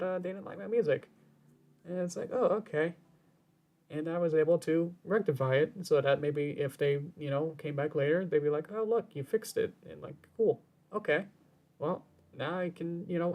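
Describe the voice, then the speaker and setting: A man's voice: fairly high pitch, darkish tone. A man game streamer talking casually on his stream, rambling and circling back, often repeating his words as he goes.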